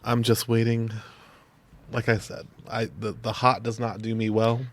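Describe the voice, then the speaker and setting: A man co-host with an easygoing, laugh-prone manner and a noticeably gravelly, creaky voice at a medium pitch. He often loses his thread and trails off mid-sentence. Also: flat delivery, measured pace. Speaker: podcast co-host. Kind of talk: casual chat.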